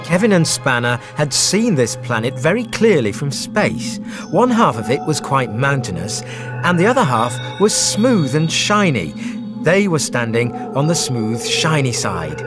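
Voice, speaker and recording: A man narrating a children's story in an animated, expressive way. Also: medium pitch, a little slow. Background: music.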